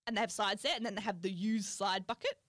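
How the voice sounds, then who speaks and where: A woman, co-hosting a podcast in casual chat and telling stories in an animated way, laughing often. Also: medium pitch, fast, dry recording, studio quality. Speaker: podcast co-host.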